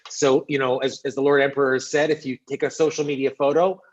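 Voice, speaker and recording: A man's voice: mid-range voice, flat delivery, fast, muffled recording. A man co-hosting a casual online panel show, chatty and upbeat with many fillers. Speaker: co-host.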